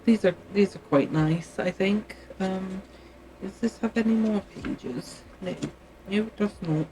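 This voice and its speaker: Slow, musing Canadian woman on a stream. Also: mid-range voice, noisy background. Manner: meandering and musing, often trails off mid-thought. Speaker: livestreamer. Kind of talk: casual livestream chat.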